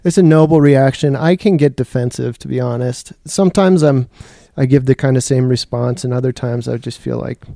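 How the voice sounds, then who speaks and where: A man's voice: mid-range voice, a little fast, vocal fry, hardly any pauses, dark tone, no echo, studio quality. A man, a Catholic deacon co-hosting a podcast, speaking candidly in casual talk, often with short agreeing replies.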